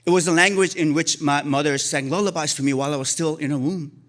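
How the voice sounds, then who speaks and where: A man's voice: on the high side, fast, fairly bright tone. A man in his forties, born in Korea with Korean as his first language, telling a personal story on stage at a live story slam with dry, self-deprecating humor.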